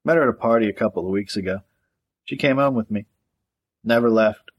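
A man's voice: lowish voice, fairly quick, dull audio, lightly acted. A man voicing a careless, laid-back male slacker who answers in offhand remarks.

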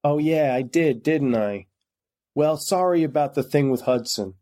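A man's voice: on the high side, a little slow, mellow, voice pushed up, lightly acted. A man playing a dying, sly debtor. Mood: rueful. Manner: strained, squeezed-out speech. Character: wounded dying male debtor, sly, apologetic.

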